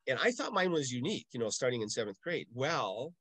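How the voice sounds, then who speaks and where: A man's voice: mid-range voice, fairly quick, breathy edge, dry recording. Older man telling stories, dry close sound. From Milwaukee. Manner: animated storyteller, acts out voices in anecdotes. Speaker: parish music director. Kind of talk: casual interview storytelling.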